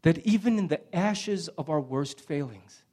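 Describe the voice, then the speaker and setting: A middle-aged male pastor preaching a sermon with passion, swinging from loud emphasis to hushed near-whispers. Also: a little high, lively intonation, a little slow.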